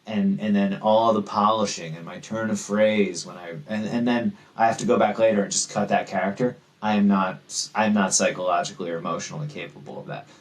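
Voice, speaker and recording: Low-voiced thoughtful male author guest. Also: fairly quick, few pauses, rough recording. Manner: thoughtful, animated, self-deprecating. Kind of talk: casual interview chat.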